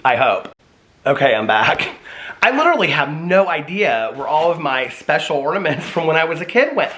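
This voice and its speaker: A man vlogging casually to his viewers, chatty and animated, often asking them if they can see what he holds up. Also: a little high, moderate pace, roomy sound. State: out of breath. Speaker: vlogger showing old Christmas keepsakes. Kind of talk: casual chat to camera.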